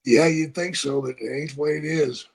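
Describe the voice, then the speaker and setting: A man's voice: on the high side, steady tone. An older man, a retired wrestler, telling profane stories in a casual podcast chat. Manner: slow, gravelly, profane storytelling.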